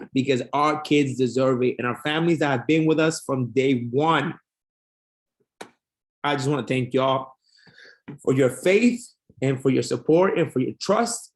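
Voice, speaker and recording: A man's voice: on the high side, moderate pace. A man leading a school town hall, speaking to families in an upbeat, encouraging way with casual slang. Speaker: school leader.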